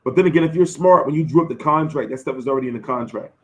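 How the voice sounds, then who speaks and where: Hoarse man chatting boxing on a stream. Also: medium pitch, very fast. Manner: loose, profane, slangy banter answering chat. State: losing his voice. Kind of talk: casual live-stream chat.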